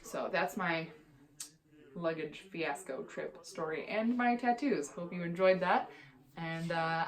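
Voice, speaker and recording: A young woman with a slightly low-pitched voice tells a storytime vlog in a candid, exasperated way. She swears freely and keeps things casual and chatty. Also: slow pace. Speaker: vlogger.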